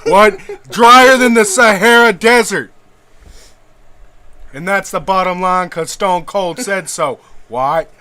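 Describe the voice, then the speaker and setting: A man's voice: sits high, animated, slow pace, pushed and bright, exaggerated voice. A man putting on a brash, beer-chugging wrestler persona and barking "what?" after every phrase. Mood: rowdy.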